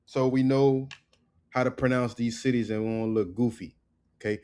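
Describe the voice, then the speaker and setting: A man teaching a casual online language lesson. He drills words slowly and keeps checking in with "right?" and "okay?". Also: fairly low pitch, a little mellow.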